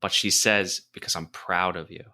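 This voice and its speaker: A man co-hosting a casual film review podcast, retelling scenes in an animated way and laughing freely. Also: low-pitched, normal speed. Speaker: podcast co-host.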